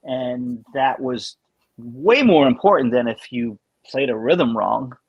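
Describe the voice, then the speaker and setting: A man being interviewed as a guest drummer, telling anecdotes in a casual, animated way and often restarting his sentences. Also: mid-range voice, slow, slightly rough, no echo, lo-fi sound.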